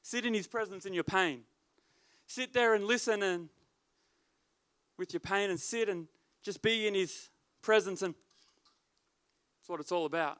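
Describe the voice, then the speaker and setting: Bright, high-voiced preaching man. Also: moderate pace, long pauses. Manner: emphatic, repetitive preaching. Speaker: youth leader. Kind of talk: sermon.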